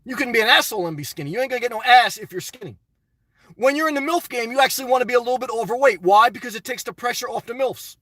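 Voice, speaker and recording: A man's voice: extremely high pitch, expressive, racing, fairly bright tone, dry recording, recorded from a distance. A middle-aged man hosting a casual live stream, answering chat in a blunt, opinionated, rambling way.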